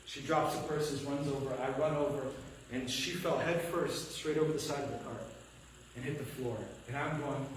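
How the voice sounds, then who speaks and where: A pastor with a Midwestern American accent preaching a sermon, telling a family story with quoted lines and dropping to a hush at tense moments. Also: male voice, mid-range voice, fairly even intonation, moderate pace, noisy background. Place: church sanctuary. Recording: echoey church from a distance.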